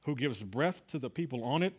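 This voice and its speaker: A man's voice: mid-range voice, lively intonation, brisk, a little mellow, breathy edge. Earnest middle-aged man telling a testimony. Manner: earnest storytelling with repeated restarts. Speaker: Bible class teacher. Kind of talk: sermon-style testimony.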